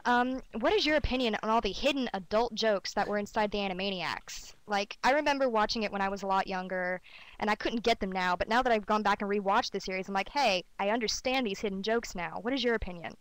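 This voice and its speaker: A woman's voice: medium pitch, quick pace, dry recording, low-quality recording. A young adult woman, a fan, asking a question in a friendly, chatty way. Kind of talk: casual live Q&A question.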